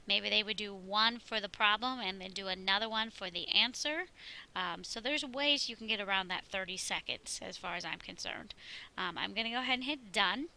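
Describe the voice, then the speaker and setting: A woman's voice: mid-range voice, bright, forceful tone, poor audio. A woman teacher talking through a screen-recorded tutorial, chatty and walking through each step. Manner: chatty, walks through steps.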